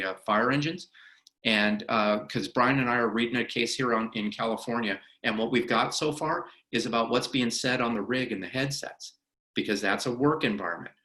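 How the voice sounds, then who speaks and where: A middle-aged man, an attorney, leading a workplace harassment training in a conversational way and acting out courtroom questioning. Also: medium pitch. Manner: animated, acts out courtroom questioning. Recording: roomy echo of a meeting room.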